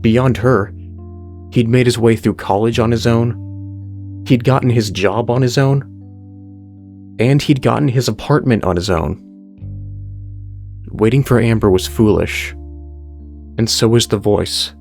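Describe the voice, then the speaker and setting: A man narrates a horror story in an unhurried, deliberate read. He lets each sentence land slowly and keeps his voice in an average register. Soft music plays quietly underneath. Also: medium pitch, fairly even intonation, creaky. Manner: slow, deliberate reading. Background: faint music.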